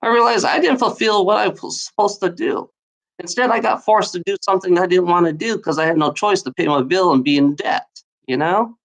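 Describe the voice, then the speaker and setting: A woman's voice: fairly low pitch, fairly quick. Woman ranting, heated and profane. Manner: profane, repetitive, heated, addresses someone directly. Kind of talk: angry ranting monologue.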